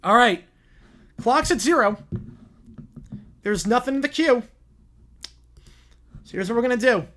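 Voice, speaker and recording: A man's voice: extremely high pitch, lively intonation, unhurried, pauses often, sharp tone. A man hosting a live stream, chatting casually and rambling, often repeating himself. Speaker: streamer host.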